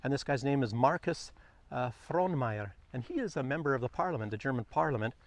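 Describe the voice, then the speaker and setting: A man vlogging outdoors on a quiet morning walk, chatting loosely about the news, meandering and often chuckling. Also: mid-range voice, lively intonation, fairly quick, no room sound. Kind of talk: rambling commentary on the news.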